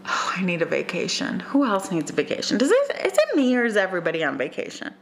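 A young woman hosting a podcast by herself, talking emotionally and swearing as she moves between quiet asides and fired-up preaching. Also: medium pitch, wildly swooping pitch, fast, slight background noise. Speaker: podcast host. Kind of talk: casual solo podcast rant.

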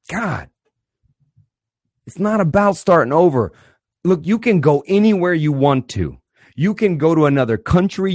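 A man hosting a podcast, giving blunt, fervent counsel full of swearing and swinging between loud and quiet. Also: fairly high pitch, no room sound, studio quality. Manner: blunt, swears constantly, mocks therapist clichés. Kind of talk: blunt profanity-laden monologue.

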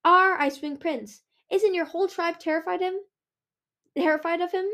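A woman reading the part of a hot-tempered young male ice dragon, speaking sharp and raised. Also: very high-pitched, steady tone, moderate pace, voice pushed up, full character voice. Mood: angry.

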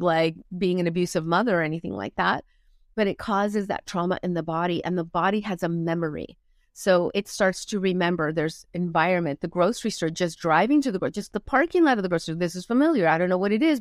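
A woman's voice: medium pitch, no room sound, clean studio sound. A woman performance coach, a guest on an interview podcast, talking animatedly and acting out quoted voices as she tells stories. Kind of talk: conversational interview.

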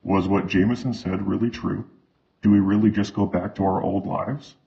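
A man's voice: deep voice, steady tone, normal speed, creaky. A man doing a doubtful young guy. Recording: slightly muffled.

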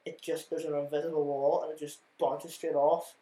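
A young man chats keenly as a podcast guest, his voice sitting a little high. He often repeats words as he talks. The room around him sounds echoey. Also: level tone, moderate pace, mellow. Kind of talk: casual chat.

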